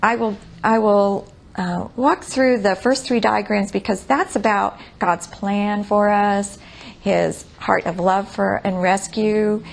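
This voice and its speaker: A woman counselor explaining her approach to couples therapy, speaking gently and thoughtfully, acting out what she says in sessions. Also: medium pitch, gravelly. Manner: gentle, thoughtful, with frequent restarts.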